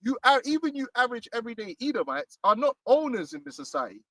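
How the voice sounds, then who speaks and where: Man, high bright voice, fiery street preaching, dry distant sound, outdoors. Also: big pitch swings, fast, no echo. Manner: fiery, emphatic, repeats "man".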